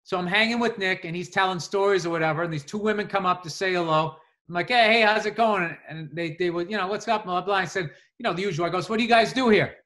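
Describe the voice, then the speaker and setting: A man co-hosting a podcast, telling animated stories in casual chat and swearing freely. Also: high voice, fast talker, hardly any pauses. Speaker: podcast co-host.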